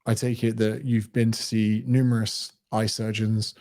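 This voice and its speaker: A man's voice: on the low side, level tone, normal speed, warm tone. A male podcast host asking direct questions in a conversational way. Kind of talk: interviewing.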